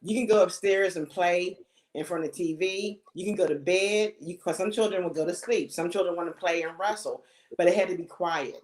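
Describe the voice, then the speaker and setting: A woman's voice: on the low side, normal speed, a little mellow. A middle-aged woman on a panel of mothers, giving earnest advice in casual talk and often saying "you know". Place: home, video call. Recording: echoey room.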